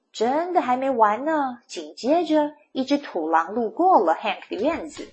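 A woman storyteller reading a picture book aloud to children, retelling each page in a slow, expressive way. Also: mid-range voice, slight background noise.

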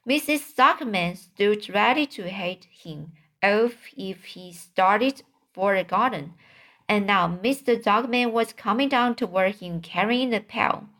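A woman narrating a children's storybook at an unhurried, deliberate pace. Her reading is careful and plain, with the odd stumble where she goes back and restarts a word. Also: medium pitch, fairly bright tone. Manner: slow, careful reading with occasional slips and restarts. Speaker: audiobook reader.

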